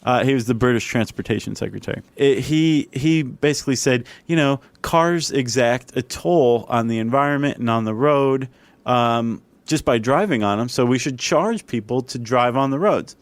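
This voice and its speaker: A man's voice: mid-range voice, moderate pace, no room sound. A man co-hosting a casual podcast chat, explaining ideas with dry sarcasm. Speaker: podcast co-host.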